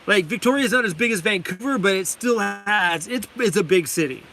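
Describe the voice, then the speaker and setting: A man's voice: high voice, animated, fairly quick, bright, forceful tone, faint music behind. A man from Canada chatting casually on a live stream from his van, enthusiastic, laughing often and reading chat names aloud. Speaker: vlogger hosting a live stream. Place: inside a parked van.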